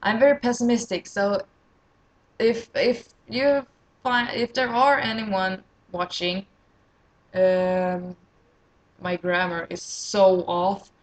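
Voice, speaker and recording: A tired woman from Sweden, an English speaker, rambling excitedly and self-deprecatingly as she introduces her gaming channel in a casual solo vlog. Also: mid-range voice, slow pace, long pauses, poor audio.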